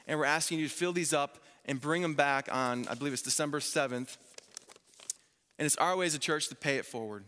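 Male pastor, 30s, bright and slightly high voice, animated sermon storytelling, long church-hall reverb. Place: church sanctuary.

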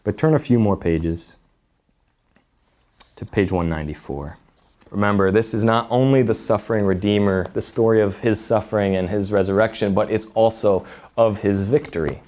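Man, preacher, lowish pitch, mellow tone, expressive read-aloud, reflective commentary. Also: moderate pace. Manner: expressive storybook reading, then reflective talk with restarts. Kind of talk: reading a story aloud with religious commentary.

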